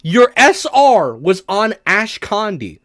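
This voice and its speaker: Young guy streamer, high voice, dry close sound, laughs and swears a ton. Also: takes it slowly, dry recording. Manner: excitable, laughs often, swears freely. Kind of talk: casual live-stream reaction commentary.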